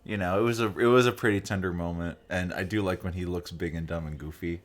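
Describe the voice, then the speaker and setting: A man's voice: low voice, steady tone, quick pace. A man co-hosting a visual novel let's play, chatting casually, joking and laughing often. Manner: jokey, laughs often, rambling. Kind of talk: casual chat over gameplay.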